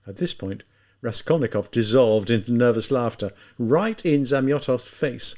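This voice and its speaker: A man giving measured, expressive scripted narration of a novel. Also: medium pitch. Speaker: audiobook narrator.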